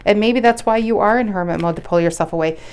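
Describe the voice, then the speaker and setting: A woman's voice: mid-range voice, quick pace, a little mellow, a little hiss or hum. A woman doing a casual tarot reading to camera, talking bluntly and chattily, swearing now and then and often restarting her sentences. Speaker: tarot reader.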